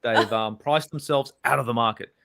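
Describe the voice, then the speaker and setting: A man's voice: medium pitch, moderate pace, creaky, bright, forceful tone. A man with an Australian accent, a guest football channel host, joking and rambling in casual chat over a video call. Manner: joking, rambling, self-deprecating.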